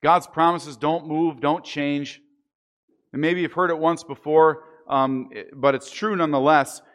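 A man preaching a sermon, earnest and deliberate, slowing down on the key phrases. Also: a little high, steady tone, fairly bright tone. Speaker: pastor.

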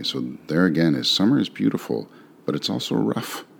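A man reading a sonnet aloud, then talking through its meaning in a relaxed, musing way with rhetorical questions. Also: very deep voice, fairly quick, creaky. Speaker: poetry reader and explainer. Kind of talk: poetry reading and casual commentary.

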